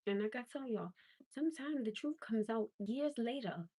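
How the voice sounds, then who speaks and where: On her livestream, a female host with a fairly high, animated voice vents bluntly at normal speed. Her tone is dark with a breathy edge, there's no echo, and her exasperation builds into emphatic disbelief.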